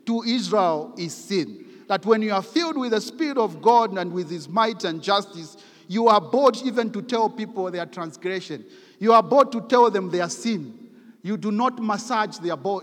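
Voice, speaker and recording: Preacher man with a booming hall echo. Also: fairly bright tone. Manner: emphatic, reads scripture aloud with rising force. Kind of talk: sermon. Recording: long hall reverb.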